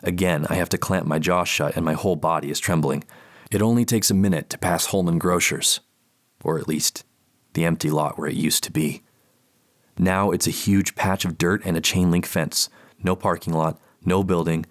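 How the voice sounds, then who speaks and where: Deep-voiced male audiobook narrator. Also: steady tone, normal speed. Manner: tense, panicked inner monologue. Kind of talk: first-person audiobook narration.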